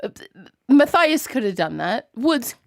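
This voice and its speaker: A woman hosting a casual fan podcast, giggly and lively, stepping in to steer the talk. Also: high voice, measured pace, vocal fry, dry recording, clean studio sound. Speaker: podcast host.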